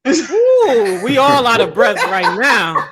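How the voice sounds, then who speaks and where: A man hosting a casual podcast chat, excitable and laughing often, his voice jumping up when he gets going. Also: very high voice, takes it slowly, a loud crowd. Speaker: host.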